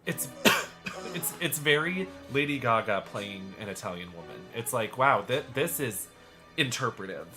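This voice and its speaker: A man's voice: mid-range voice, expressive, a little slow, pushed and bright. A man streaming a horror game live, chatting in a gushing, campy way as he plays. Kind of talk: live gameplay commentary. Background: game music.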